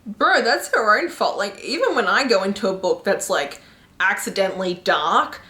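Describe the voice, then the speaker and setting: A young woman reacting to book reviews in a casual, animated, exclamatory way, laughing often and swearing casually. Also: medium pitch, moderate pace. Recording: echoey room.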